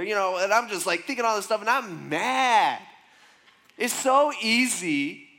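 A man with a high, light voice preaches to his congregation. He speaks conversationally, telling a story with plenty of asides. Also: moderate pace, bright, forceful tone. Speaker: pastor. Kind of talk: sermon.

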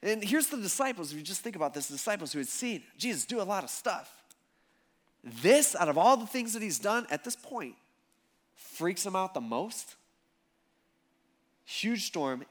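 A male pastor preaching a conversational sermon to a church congregation, telling the story in a casual, animated way with lots of fillers. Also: fairly high pitch. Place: church service before a congregation.

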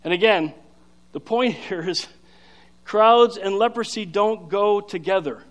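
A man preaching a sermon, explaining scripture in an emphatic, energetic way with frequent fillers and restarts. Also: high voice, a little slow. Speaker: pastor.

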